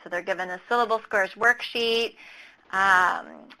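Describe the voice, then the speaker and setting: A woman's voice: mid-range voice, fairly even intonation, measured pace, bright, forceful tone, poor audio. A woman presenting a teaching webinar, methodically walking through lesson steps with occasional fillers. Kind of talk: explanatory webinar talk over slides.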